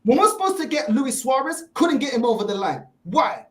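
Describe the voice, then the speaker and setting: Exasperated woman ranting, high bouncy voice, roomy echo. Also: sing-song, fairly quick, noisy background. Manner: exasperated, mocking, repeats "bro". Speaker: panelist. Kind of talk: heated fan rant. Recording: echoey room.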